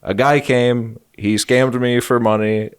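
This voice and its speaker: A man's voice: medium pitch, fairly even intonation, slow pace, clean tone, no echo. Man in his thirties, podcast co-host, rambling comic storyteller, dry mic. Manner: rambling storyteller, jokey asides. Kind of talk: casual comedic chat.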